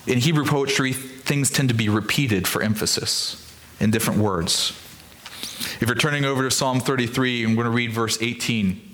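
A man preaching a sermon as a pastor, talking through scripture and acting out the quoted speech with lively emphasis. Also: medium pitch, moderate pace, a little hiss or hum.

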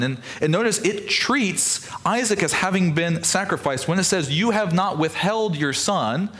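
Preaching in a mid-range voice, a pastor explains scripture and brings its quoted dialogue to life with vivid emphasis.

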